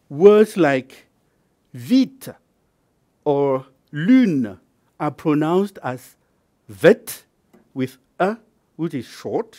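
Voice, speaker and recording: Halting, slow-paced man lecturing. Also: fairly high pitch, warm tone. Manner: halting, many fillers and repeated words; careful, explanatory. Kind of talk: university lecture.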